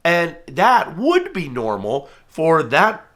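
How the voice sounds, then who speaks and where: Earnest, chatty American falconer. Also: male voice, a little high, huge pitch swings, takes it slowly, fairly bright tone. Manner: earnest, conversational, acts out quoted voices. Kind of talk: casual explanatory talk to camera.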